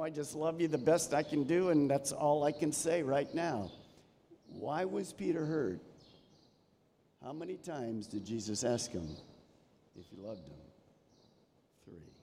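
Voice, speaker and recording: Male pastor, mid-high voice, preaching with animated swells and quiet drops; reverberant sanctuary sound. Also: measured pace, pauses often, a little hiss or hum. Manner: animated preaching, dropping to soft emphasis. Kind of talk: sermon. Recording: long reverb of a church hall.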